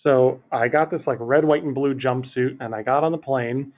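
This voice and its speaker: A man, a guest on a podcast, telling a funny anecdote in an animated, rambling way full of "like". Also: mid-range voice, moderate pace. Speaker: podcast guest, city project manager. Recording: tinny phone-line audio.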